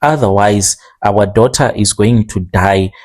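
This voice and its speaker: A man from Zimbabwe tells a strange first-person confession plainly and steadily, slowing at times over carefully chosen phrases. He has a lowish voice.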